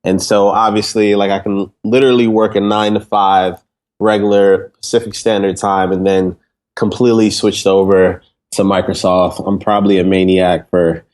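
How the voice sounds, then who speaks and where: Male interview guest, lowish voice, loose and rambling with fillers. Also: normal speed. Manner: relaxed, rambling with many fillers. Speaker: interview guest, startup CEO. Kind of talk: casual conversational interview.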